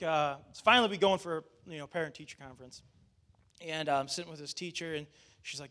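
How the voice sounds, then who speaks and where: A man's voice: on the high side, fast, pushed and bright. A male pastor telling a personal story in a casual sermon, chatty with fillers and restarts, acting out what people said.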